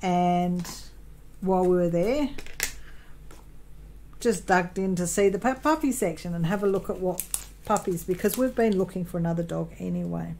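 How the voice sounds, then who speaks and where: A crafting vlogger from Australia chats casually at her desk at home, her dark, slightly low voice carrying some vocal fry at a moderate pace. Her personal story rambles, broken by long pauses, ums, restarts and corrections. The recording is rough, with a faint hiss in the background.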